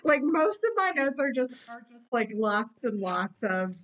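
A woman co-hosting a comedy podcast in casual chat, expressive and exclamatory. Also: fairly high pitch, measured pace, low-quality recording. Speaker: podcast co-host.

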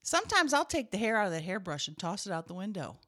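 Deadpan woman comic with lively pitch. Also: fast. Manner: deadpan, dry comic delivery. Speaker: podcast co-host, comedian. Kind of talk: casual chat. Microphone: studio microphone.

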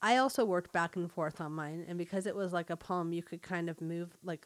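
A woman's voice: lowish voice, brisk, no room sound. Chatty woman podcast co-host. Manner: chatty, thinks aloud. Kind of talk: casual chat.

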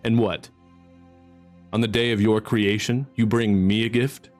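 A man voicing a charming male gnome shopkeeper who speaks with soft, effusive courtesy. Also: lowish voice, level tone, unhurried, soft background music, lightly acted. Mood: gracious.

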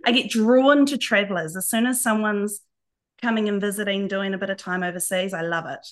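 A woman in her thirties from New Zealand, with a nasal voice and a New Zealand accent, chatting as a podcast guest. She tells stories in a lively way and laughs often. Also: mid-range voice, fairly quick. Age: 30s. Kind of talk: casual chat.

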